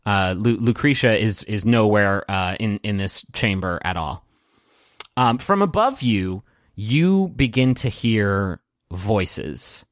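Man narrating a tabletop game, halting. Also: lowish voice, animated, dry recording, clean studio sound. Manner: halting, filler-heavy narration. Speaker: game master.

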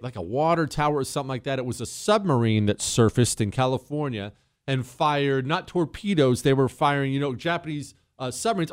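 Animated wisecracking radio host. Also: male voice. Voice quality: animated, wisecracking, swings pitch up for emphasis. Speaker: radio talk show host. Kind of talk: talk radio banter with callers.

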